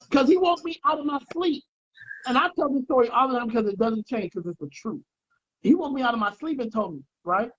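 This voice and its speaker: A man spins animated stories in a relaxed podcast chat, slipping into quoted voices and street slang. His voice is husky and breathy. The audio sounds dull and lo-fi. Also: very high-pitched, a little fast. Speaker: podcast co-host. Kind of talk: casual storytelling chat.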